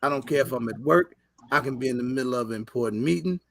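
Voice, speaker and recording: A man's voice: medium pitch, fast, vocal fry, dry recording. A man hosting a podcast, chatting casually in a blunt, emphatic way full of slang. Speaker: podcast host. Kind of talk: casual chat.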